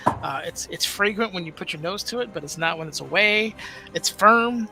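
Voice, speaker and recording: A man's voice: high voice, moderate pace, vocal fry, music in the background. A man acting as game master, describing a scene in a casual, rambling way with many restarts.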